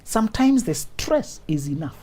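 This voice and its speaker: A man with a husky, mellow voice hosts a studio advice show. His pitch swings widely as he talks. He laughs often, acts out little scenes and repeats his points for emphasis. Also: very animated, moderate pace. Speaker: relationship talk show host.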